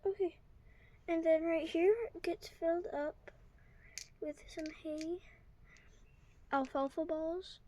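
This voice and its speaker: A woman's voice: very high voice, steady tone, slow pace, long pauses, dark tone, rough recording. A woman vlogging at home in her bedroom, chatting casually to viewers and thinking aloud as she sorts toy horses. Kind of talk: casual running commentary while organizing.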